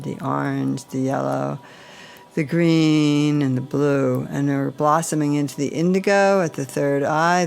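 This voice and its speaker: Slow, gravelly-voiced woman guiding meditation. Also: low-pitched, darkish tone. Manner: slow, soothing instructions with breathing cues and mantra chanting. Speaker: meditation guide. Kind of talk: guided chakra meditation.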